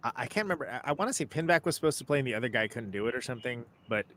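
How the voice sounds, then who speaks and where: A man's voice: medium pitch, lively intonation, racing, a bit bright, a little hiss or hum. A man hosting a music podcast, chatting casually and joking with his guest. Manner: laid-back, joking, chatty. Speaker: podcast host.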